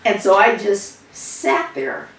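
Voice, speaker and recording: A woman's voice: medium pitch, lively intonation, takes it slowly. An actress improvising a woman social worker who recounts a family row in a rambling, conversational monologue. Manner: rambling, conversational storytelling with fillers. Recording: echoey room, distant mic.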